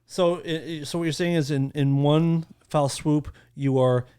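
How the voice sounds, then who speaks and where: A man's voice: on the high side, steady tone, unhurried, warm tone, clean tone. A man co-hosting a podcast, chiming in with dry, teasing wisecracks in casual chat. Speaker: podcast co-host.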